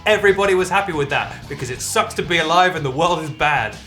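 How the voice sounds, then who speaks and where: A young man hosting a comedic news segment, delivering absurd jokes deadpan with dramatic pauses. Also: fairly high pitch, soft background music. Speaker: host.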